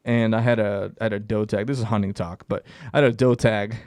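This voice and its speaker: A young Canadian man co-hosting a comedy podcast tells a rambling, profane hunting story, laughing through it. His lowish voice is brisk, steady in tone, and somewhat dark, recorded with no room sound.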